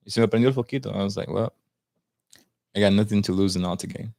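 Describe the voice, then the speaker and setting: A man's voice: fairly low pitch, fairly even intonation, quick pace, mellow, no room sound. A man in his twenties telling a long story in casual podcast chat, slangy and mixing in Spanish phrases. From United States, Salvadoran family. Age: 20s. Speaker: podcast guest.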